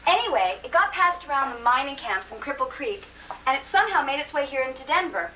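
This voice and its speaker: Woman doing a high bright-voiced social secretary, boastful then unsure, distant mic. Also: sing-song, quick pace, full character voice. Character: hesitant fast-talking female social secretary. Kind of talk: radio-style comedy drama. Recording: distant mic, faint noise.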